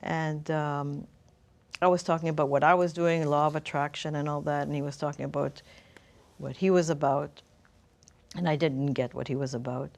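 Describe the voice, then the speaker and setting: A woman's voice: low voice, fairly even intonation, moderate pace, vocal fry, a little mellow. A middle-aged woman telling her personal story as an interview guest, thoughtful and searching for words.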